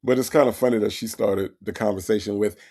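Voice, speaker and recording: A man hosting a casual comedic commentary, animated and talking back to his chat. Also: lowish voice, fast talker. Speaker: commentary host.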